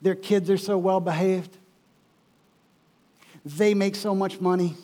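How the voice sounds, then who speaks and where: A man preaching a sermon as pastor in a church, emphatic and repeating his key phrases, swinging between loud and quiet. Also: sits high, fairly even intonation, slow pace.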